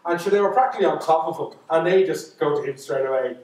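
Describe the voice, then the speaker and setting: A man's voice: fairly high pitch, quick pace, hardly any pauses, darkish tone, far from the mic. An Irish man spins a folk tale for a live crowd, breaking off for chatty asides. His voice rings through a big echoey hall, picked up from some way off the mic. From Ireland. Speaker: storyteller.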